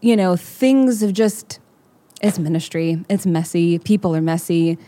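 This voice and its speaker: Heartfelt woman with a lower voice. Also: measured pace, dark tone. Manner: heartfelt, rambling with many fillers. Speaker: podcast co-host. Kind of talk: candid faith conversation.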